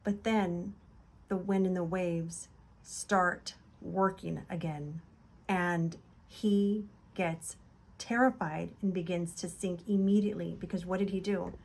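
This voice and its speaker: A woman's voice: lowish voice, fairly even intonation, slow, creaky, darkish tone. A woman hosting a casual devotional talk, earnest and encouraging, retelling scripture in loose conversational words. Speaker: devotional video host.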